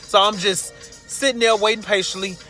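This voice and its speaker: A man's voice: sits high, moderate pace, faint music behind. A man casually telling a funny personal story and acting out the people in it. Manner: casual and animated, acting out the quotes.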